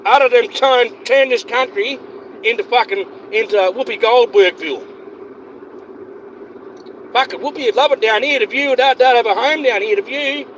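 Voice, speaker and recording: A man's voice: extremely high pitch, moderate pace, long pauses, fairly bright tone, a little hiss or hum. A man ranting heatedly on a livestream, swearing constantly and repeating himself. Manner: profane, heated, repetitive.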